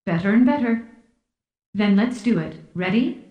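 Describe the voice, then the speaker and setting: Woman voicing a brisk, tart team leader. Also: medium pitch, expressive, highs cut off, natural voice. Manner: crisp and bossy. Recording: roomy echo.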